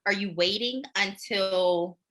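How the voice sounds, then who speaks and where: A woman's voice: medium pitch, slow pace, fairly bright tone, slight background noise. A woman hosting a casual chat, asking leading questions and laughing often.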